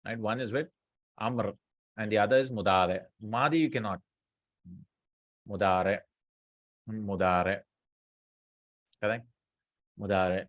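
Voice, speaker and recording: A man teaching Arabic grammar in a casual class, explaining slowly and often checking with students. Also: fairly low pitch, dry recording.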